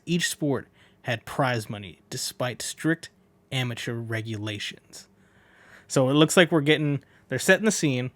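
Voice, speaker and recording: A man's voice: medium pitch, no echo. Chatty man reading a manga aloud. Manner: chatty, self-correcting, laughs at own slips. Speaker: manga reader. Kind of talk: casual manga read-along with commentary.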